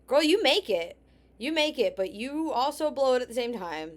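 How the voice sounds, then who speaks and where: A woman's voice: sits high, very animated, moderate pace. Sarcastic scolding woman commentator. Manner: sarcastic, scolding, drops to near whispers. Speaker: commentary host. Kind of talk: reaction commentary.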